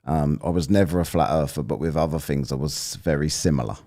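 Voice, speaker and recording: Reviewing a debate on a live stream, this man from England rambles chattily, laughing and cracking jokes while going through the chat. He has a mellow bass voice and talks fairly quickly.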